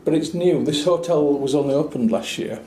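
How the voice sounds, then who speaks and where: A man with a mellow, higher-leaning voice talks a little fast as he shows off a small hotel room for a travel review. He's chatty and wry and tosses in dry asides. Faint noise and an echoey small-room sound color the recording.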